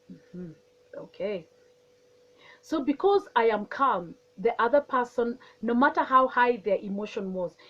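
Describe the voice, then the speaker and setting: A woman giving a calm, earnest wellness talk on handling emotions. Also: on the high side, lo-fi sound. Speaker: wellness speaker. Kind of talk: teaching talk on managing emotions.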